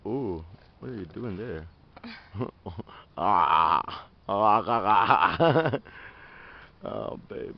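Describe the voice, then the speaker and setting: A man's voice: lowish voice, expressive, drawn-out words, gravelly, pauses often, no room sound, muffled recording. A young man filming a hike outdoors, teasing his partner playfully, laughing often and swearing freely, a little winded from the climb. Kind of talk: casual teasing chat. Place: outdoor hiking trail by a river.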